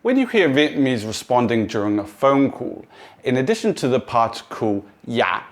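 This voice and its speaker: A man narrating a language lesson in a clear, measured, instructive way. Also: mid-range voice, sing-song. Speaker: language teacher. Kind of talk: scripted explanatory narration.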